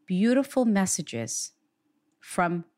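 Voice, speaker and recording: A woman's voice: mid-range voice, very animated, slow pace, darkish tone, no room sound, studio quality. A woman working as a psychic medium, giving an earnest, reassuring reading in conversation. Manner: earnest, reassuring, relays quotes in a raised voice.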